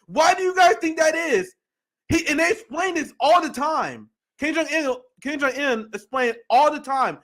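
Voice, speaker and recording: A man hosting a livestream, reacting to a video clip with heated, profane, animated ranting. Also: extremely high pitch, normal speed. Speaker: political commentary host.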